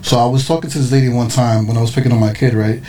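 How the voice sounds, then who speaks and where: A man hosting a podcast, chatting casually and telling stories with animated energy. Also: medium pitch, slight background noise. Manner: animated storyteller, quick and chatty. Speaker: podcast host. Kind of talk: casual chat.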